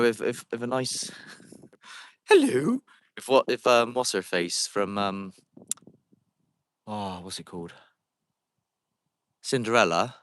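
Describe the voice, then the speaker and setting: Lively low-voiced man livestreaming. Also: no echo, clean studio sound. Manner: chatty, calls out to spirits and greets viewers. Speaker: paranormal livestream host. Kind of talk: casual live-stream chat. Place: outdoor cemetery.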